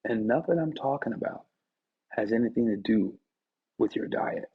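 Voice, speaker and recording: A man's voice: mid-range voice, expressive, moderate pace, breathy edge. A man giving a motivational talk straight to the viewer, preachy and playful, teasing his listeners as he makes his point. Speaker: motivational speaker. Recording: dull lo-fi recording.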